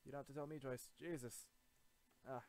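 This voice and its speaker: A man's voice: medium pitch, fairly even intonation, brisk, a little mellow. A man hosting a gaming video, giving jittery Let's Play commentary, swearing a lot and insisting he is not scared.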